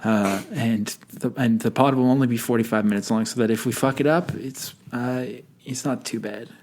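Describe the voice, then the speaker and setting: A man's voice: mid-range voice, steady tone, normal speed, a little mellow. A man hosting a podcast in casual chat, rambling and joking as he introduces songs. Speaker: podcast host.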